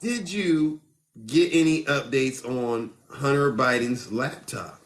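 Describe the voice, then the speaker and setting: A man's voice: mid-range voice, slow pace. Sarcastic man hosting a political chat. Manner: sarcastic, mock-innocent questions. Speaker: political commentary host.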